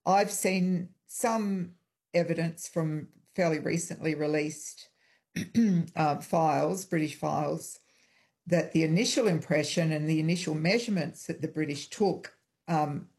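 A woman guest in a hotel room, speaking over an internet call, explaining in a measured way with frequent ums. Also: low voice, darkish tone, husky. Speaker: historian guest.

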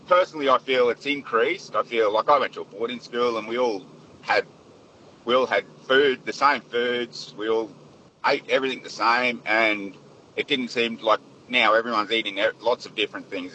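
Bright-voiced Australian caller driving. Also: male voice, fairly low pitch, dull audio, a little hiss or hum. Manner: relaxed, rambling. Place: vehicle on the road.

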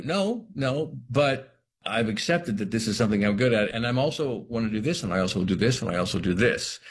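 A middle-aged man speaking as an actor guest in an interview, thoughtful and halting with many restarts. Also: lowish voice, slight background noise. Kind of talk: reflective interview talk.

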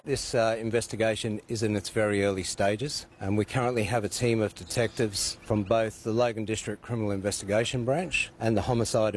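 A man with an Australian accent giving a formal police statement, measured and with some hesitations. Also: on the low side, a little hiss or hum. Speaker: police detective. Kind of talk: press statement clip.

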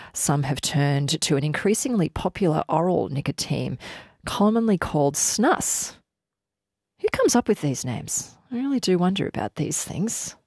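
A woman's voice: low voice, darkish tone, husky, no echo, clean studio sound. A woman hosting a radio show, reading news with chatty, wry asides. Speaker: radio host. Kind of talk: casual radio news chat.

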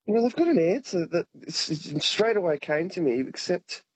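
A polite man phoning a radio quiz, with a husky voice pitched somewhat high for a man. He answers thoughtfully and courteously. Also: expressive, moderate pace, a little mellow, no room sound, poor audio. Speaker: caller.

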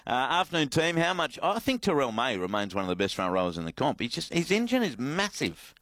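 A man's voice: mid-range voice, sing-song, a little fast, fairly bright tone, dry recording. A man hosting a sports radio show, bantering and teasing his co-hosts.

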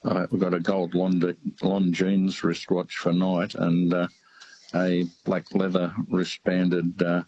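A man's voice: low-pitched, completely flat delivery, slow, a little mellow, slightly rough. An older man calling in to a radio show, chatty and hesitant, with many fillers and restarts. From New Zealand. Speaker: caller. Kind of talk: casual radio call-in chat. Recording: dull lo-fi phone line.

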